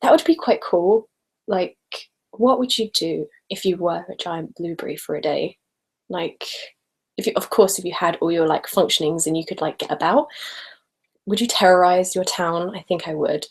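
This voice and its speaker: A woman's voice: fairly low pitch, moderate pace, breathy edge, low-quality recording. A young woman, an ASMR channel host, chatting casually in her normal voice on a live home stream, reading out viewer comments with lots of ums and likes and frequent giggles. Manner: normal speaking voice, not ASMR whisper. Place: home room with desks. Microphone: live webcam stream.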